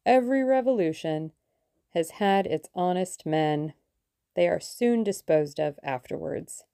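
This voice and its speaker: A woman reading an audiobook, voicing a soft-spoken, sinister male conspiracy leader with sibilant speech. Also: on the low side, unhurried, no echo, clean studio sound. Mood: musing. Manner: quiet, menacing.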